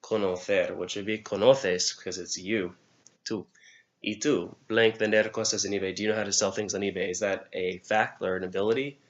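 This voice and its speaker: A man's voice: on the low side, little pitch movement, normal speed, lo-fi sound. A male Spanish teacher reviewing grammar, asking and answering his own questions step by step. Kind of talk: recorded exam review lesson.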